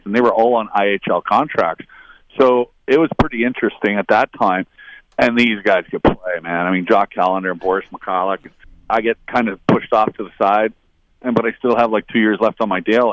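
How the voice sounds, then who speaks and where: A man's voice: no echo, highs cut off. A middle-aged man, a former hockey player, telling long casual anecdotes, rambling and quoting others. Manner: rambling anecdotal, quotes others in higher voices. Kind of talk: casual storytelling.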